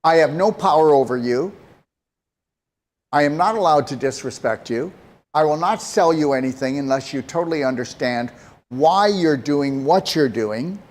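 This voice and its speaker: A man's voice: fairly high pitch, a little mellow. A man giving health advice to a caller, talking directly and emphatically and pressing her with pointed questions. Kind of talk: call-in advice talk.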